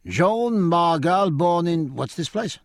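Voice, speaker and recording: A man's voice: fairly high pitch, expressive, slow pace, no echo, voice pushed up. A man voicing an officious, blustering gendarme sergeant. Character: pompous French gendarme sergeant, officious, leering.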